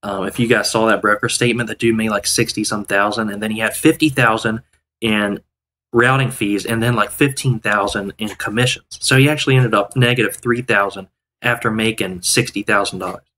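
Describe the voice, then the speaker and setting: A man's voice: fairly low pitch, steady tone, a little fast, pushed and bright, a little hiss or hum. A young man hosting a day trading live stream, chatting casually to viewers and rambling indignantly with frequent restarts.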